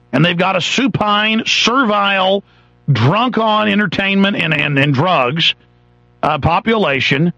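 Angry gravelly radio host ranting. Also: male voice, on the high side, fairly bright tone, no room sound. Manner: angry, sarcastic, mocking voices of others. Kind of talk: ranting political talk radio monologue. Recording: dull lo-fi radio broadcast.

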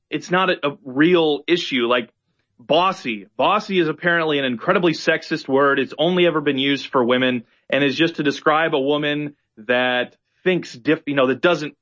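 A man in casual conversation, talking in an animated way and acting out exasperated quotes. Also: on the high side, dull audio.

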